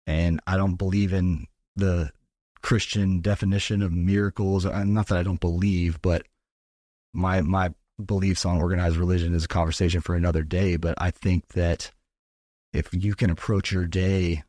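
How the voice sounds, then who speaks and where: A man with a low, deep voice talks as a podcast guest, earnest and motivational, cursing freely as he goes. His voice sits close and dry on the mic, with no room sound around it. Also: a little mellow, no echo. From Texas. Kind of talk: casual podcast talk.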